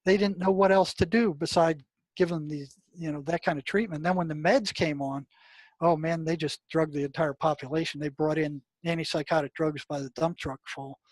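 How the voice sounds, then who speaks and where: An older man, a retired mental health practitioner, recounting his experiences as an interview guest, animated and full of restarts. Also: on the high side, moderate pace, no room sound. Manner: animated, many restarts, exclaims when recounting. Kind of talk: storytelling interview talk.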